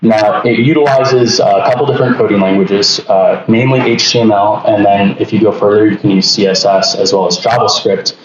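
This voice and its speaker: A man's voice: fairly low pitch, moderate pace, few pauses. Guy teaching a workshop over a video call, lots of uhs, sounds far off in an echoey room with hiss. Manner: relaxed, lots of uh fillers and restarts. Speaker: workshop instructor. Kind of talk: online tutorial walkthrough. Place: home setup on a video call. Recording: distant echoey lo-fi recording with noise.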